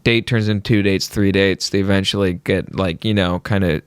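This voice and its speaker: A man co-hosting a podcast, telling crude jokes in casual banter with a deadpan delivery. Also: low-pitched, a little fast, clear, resonant tone, no room sound, clean studio sound. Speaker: podcast co-host.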